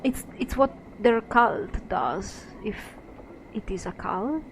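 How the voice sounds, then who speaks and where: A woman giving let's-play commentary, musing aloud in a soft, thoughtful way. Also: medium pitch, expressive, slow pace, slight background noise, low-quality recording. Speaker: game streamer.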